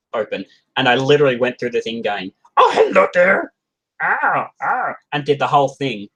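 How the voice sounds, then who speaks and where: A man's voice: medium pitch, poor audio. A man co-hosting a live podcast chat, talking casually and animatedly. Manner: animated, slips into silly character voices. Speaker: podcast co-host.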